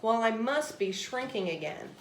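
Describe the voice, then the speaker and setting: A woman's voice: a little high, animated, moderate pace, a little hiss or hum. A woman voicing Alice, an earnest and polite young girl in a storybook reading. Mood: tearful. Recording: roomy echo.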